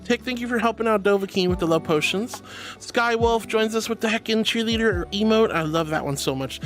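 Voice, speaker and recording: A woman's voice: mid-range voice, brisk, faint music behind. A woman live-streaming and chatting casually with viewers, affectionate and giggly, calling them sweetheart and hon. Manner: giggly, bubbly. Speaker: livestreamer.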